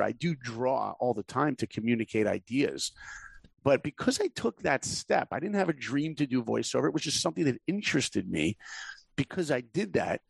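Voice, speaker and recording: A man with a deep voice, a guest on a podcast, telling lively stories about his work in animation. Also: vocal fry, breathy edge, dry recording. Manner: lively storyteller who acts out voices. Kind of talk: casual interview storytelling.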